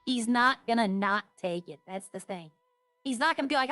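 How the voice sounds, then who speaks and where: A woman's voice: medium pitch, expressive, moderate pace, a bit bright, no room sound. A woman streaming a roleplay game, chatting casually and jokily to her viewers in a rambling way.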